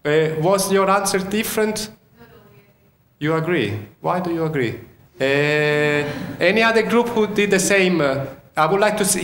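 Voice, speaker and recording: A man's voice: a little high, fairly bright tone, slight background noise. Italian-accented man lecturing in an echoey hall. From Sicily, Italy. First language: Sicilian. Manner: quizzes the audience, frequent restarts. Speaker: university lecturer. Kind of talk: interactive keynote lecture.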